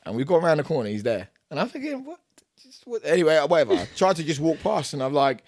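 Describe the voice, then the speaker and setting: A man's voice: fairly high pitch, big pitch swings, fast, a little mellow, no echo. A young British man in casual podcast chat, his voice rising and falling widely as he acts out both sides of a confrontation. It is recorded dry and close on the mic, with no room sound. His telling is loose and full of slang, and he laughs his way through the story. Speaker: podcast guest, boxer.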